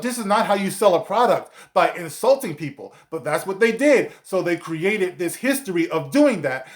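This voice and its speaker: A man giving a profane, sarcastic rant as a video commentator, with many fillers like "you know". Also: fairly high pitch. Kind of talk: ranting commentary vlog.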